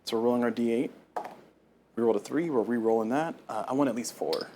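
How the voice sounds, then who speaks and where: A man playing a solo board game live on stream, talking through each move and getting loudly exasperated over bad dice rolls. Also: medium pitch, quick pace, a little hiss or hum.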